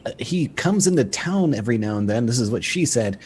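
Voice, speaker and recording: A man's voice: mid-range voice, lively intonation, fairly quick, darkish tone, slight background noise, natural voice. A man voicing a hungry, rambling male gnome adventurer who talks while eating. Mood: chatty. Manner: mouth full, rambling and eager.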